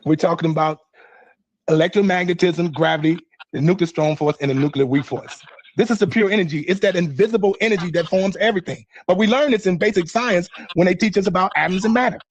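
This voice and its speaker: A high-pitched man speaks quickly and with certainty, insisting on his ideas as he lectures an online panel. His voice is dry and close, with no room sound around it. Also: no echo.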